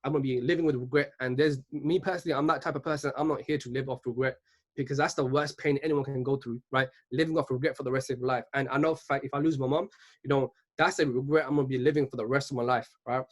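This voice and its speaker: A man's voice: mid-range voice, steady tone, quick pace. A man in his twenties giving an earnest motivational talk at a virtual business event, often checking in with "right?". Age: 20s. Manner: earnest, keeps asking "right?".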